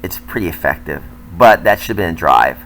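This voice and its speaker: A man's voice: sits low, expressive, brisk, a bit bright, a little hiss or hum, rough recording. An older man, a tennis coach, talking candidly and self-critically as he comments over footage of his own match.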